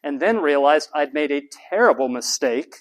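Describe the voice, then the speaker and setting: A middle-aged college professor from Texas lectures his class in an animated, emphatic way. His voice is a little higher than most men's, and he repeats words to stress a point. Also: moderate pace.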